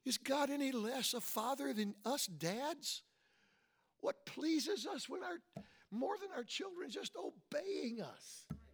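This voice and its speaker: A middle-aged man preaching a sermon, asking the congregation questions and punctuating points with amens, swinging between soft and loud emphatic lines. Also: extremely high pitch, expressive, slow, vocal fry. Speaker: pastor.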